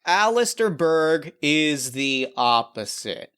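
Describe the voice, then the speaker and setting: A cocky punk-rock antique dealer, played by a man, pitches drama for the cameras with eager showmanship. His voice is smooth and resonant. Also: brisk, natural voice. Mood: scheming. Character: brash punk-rock male antique shop owner.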